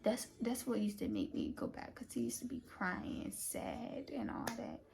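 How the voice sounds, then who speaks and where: A woman's voice: mid-range voice, wildly swooping pitch, normal speed, vocal fry, a little mellow. A young woman vlogger telling a personal story in a chatty way, full of fillers and often dropping to a half-whisper. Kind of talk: casual storytime vlog.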